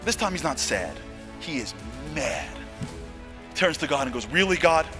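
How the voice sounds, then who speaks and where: An American man telling a story to an audience, acting out the dialogue and swinging from hushed asides to loud exclamations. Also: medium pitch, big pitch swings, a little slow, music in the background. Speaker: motivational speaker. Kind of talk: animated storytelling talk.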